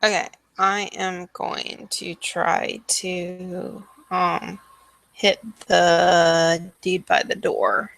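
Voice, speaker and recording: A woman playing a tabletop role-playing game, talking in a casual, unhurried and slightly hesitant way. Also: lowish voice, level tone, gravelly, fairly bright tone, dry recording. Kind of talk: casual chat while playing.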